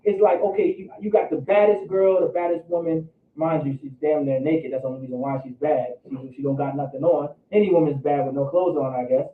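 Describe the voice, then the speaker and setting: A man's voice: fairly high pitch, fairly even intonation, fairly quick, few pauses. A man teaching a Bible study in a loose, slangy preaching style, often repeating words as he goes. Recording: echoey room, distant phone-like mic.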